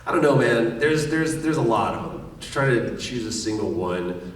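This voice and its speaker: A man's voice: medium pitch, expressive, normal speed. A middle-aged man speaking as a voice actor guest on a convention panel. He tells stories with energy and acts out quoted lines. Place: large convention hall. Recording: echoey hall, distant mic, faint noise.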